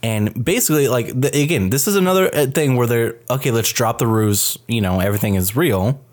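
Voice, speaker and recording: A man hosting a podcast, retelling a film scene in casual chat, animated and profane. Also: mid-range voice, fairly quick. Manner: animated, profane storytelling with many fillers. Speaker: podcast host reviewing a film.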